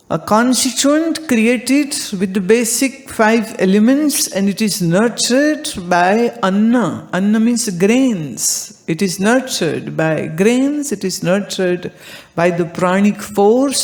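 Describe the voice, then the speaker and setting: Woman teacher, unhurried sermon delivery, mid pitch, anecdotal. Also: a little mellow. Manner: deliberate, anecdotal, rhetorical questions. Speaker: spiritual teacher. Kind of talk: spiritual discourse.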